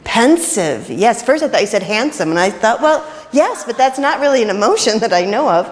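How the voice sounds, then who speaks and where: A woman minister leading an interactive sermon, chatty and playful with quick jokes, in a church. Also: on the high side, big pitch swings. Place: church sanctuary. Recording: reverberant church hall.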